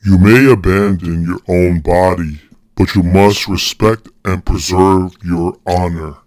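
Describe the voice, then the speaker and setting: A man reading out a numbered maxim in a slow, deep, solemn voice, set apart from his usual talk. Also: fairly even intonation, a little mellow, no echo.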